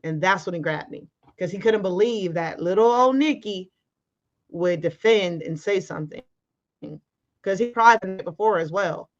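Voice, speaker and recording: A woman's voice: mid-range voice, moderate pace, muffled recording. A woman guest telling a personal story in casual, emphatic talk, acting out the arguments she quotes. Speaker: interview guest.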